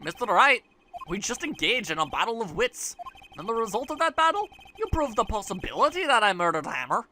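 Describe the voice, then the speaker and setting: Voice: medium pitch, brisk, a little hiss or hum. Nachgesprochene Spielfigur, Frau, kalt und spöttisch, schwankende Tonhöhe. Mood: dismissive. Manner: flat, condescending, with a failed foreign accent. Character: cold, dismissive woman witness.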